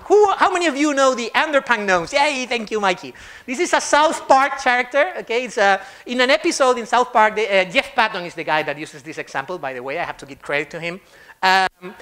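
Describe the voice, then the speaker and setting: A man speaks to a conference audience with a fairly high voice that rises and falls a great deal. His delivery is animated and humorous, and he acts out quoted lines with playful shifts in tone. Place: conference stage.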